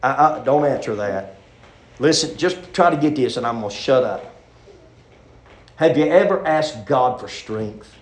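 A man's voice: medium pitch, animated, unhurried, long pauses. A male pastor, preaching a sermon in a folksy, rambling way that restarts often. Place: church sanctuary. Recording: echoey church room.

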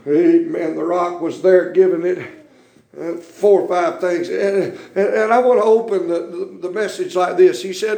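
High-voiced preacher, echoey church. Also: male voice, fairly even intonation, moderate pace, gravelly. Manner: folksy preaching that swells into shouted peaks. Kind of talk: revival sermon.

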